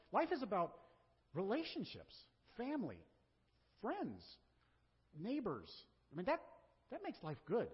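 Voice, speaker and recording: Lively conversational preaching man in a hall. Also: sits high, husky. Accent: Southern American. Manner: conversational preaching with rhetorical questions. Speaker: pastor. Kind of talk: sermon. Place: church sanctuary. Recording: dull sound with long hall reverb.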